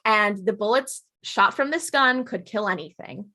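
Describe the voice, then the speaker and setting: A woman co-hosting a podcast, retelling a TV episode in casual chat and acting out the characters' lines with animated energy. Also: medium pitch, normal speed. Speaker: podcast co-host.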